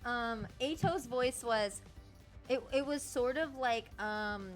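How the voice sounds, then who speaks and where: A young woman talks casually while streaming a video game, chatty and quick to laugh. She swears in passing and wanders from story to story. Quiet game music hums in the background. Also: a little high. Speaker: streamer and voice actor. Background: faint game music.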